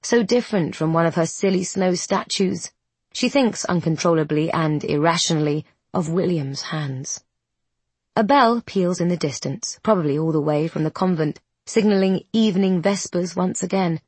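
Low husky woman reading a story, slow and descriptive, dry sound. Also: a little mellow, no room sound. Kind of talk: scripted narration.

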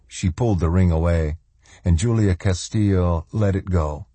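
A man narrating a novel as an audiobook reader in an even, measured way. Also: low-pitched, husky, dry recording. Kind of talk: scripted narration.

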